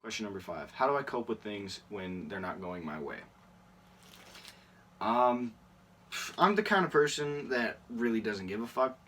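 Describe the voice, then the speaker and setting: A man's voice: fairly low pitch, expressive, measured pace, long pauses, a bit bright, distant mic, slight background noise. A teenage boy answering questions in a casual vlog, rambling with lots of fillers and laughing at himself. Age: teens. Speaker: YouTuber.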